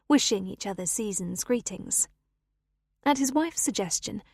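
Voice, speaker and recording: A woman narrating an audiobook thriller in a calm, measured storytelling voice. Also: medium pitch, dry recording, studio quality.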